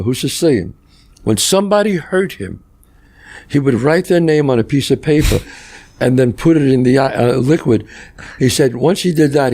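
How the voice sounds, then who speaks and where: An older man telling stories in casual podcast chat, animated and swearing freely, acting out relatives in quotes. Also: medium pitch. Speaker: podcast guest. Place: podcast studio.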